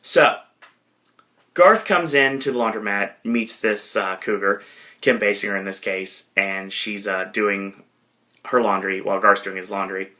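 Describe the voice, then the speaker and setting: Bright-voiced man rambling through a recap. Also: fairly low pitch, measured pace. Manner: rambling, many fillers and self-corrections. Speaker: podcast host. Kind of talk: casual film recap.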